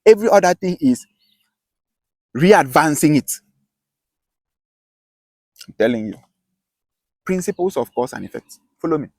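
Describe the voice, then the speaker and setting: His fairly high, slightly mellow voice is very animated yet a little slow, with long pauses, in a dry recording. The self-styled teacher, who has an Akwa Ibom Nigerian accent, drives home his lesson passionately, repeating and restarting his phrases.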